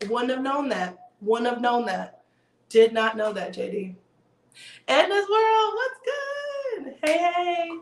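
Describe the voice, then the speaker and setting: A woman's voice: fairly high pitch, a bit bright, echoey room. A woman hosting a casual livestream, chatting and joking with viewers. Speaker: livestream host.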